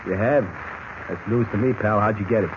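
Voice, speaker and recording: A man's voice: fairly low pitch, a little fast, lightly acted. A man playing a sleepy wisecracking gangster. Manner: tough-guy slang, lazy and sarcastic. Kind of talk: 1940s radio acting. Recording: dull lo-fi old radio recording with hiss.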